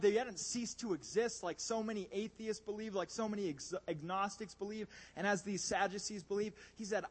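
A man preaching a sermon, animated and emphatic, swinging between loud bursts and hushed asides. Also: high voice.

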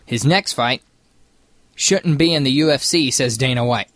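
A man's voice: mid-range voice, moderate pace, a bit bright. A man hosting a morning radio show, teasing his co-hosts and reading out light news items.

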